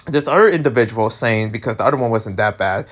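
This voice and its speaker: A man vlogging in a casual rant, animated and exasperated, laughing often and tripping over his words. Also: fast talker. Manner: animated, exasperated, pitch jumps high when worked up.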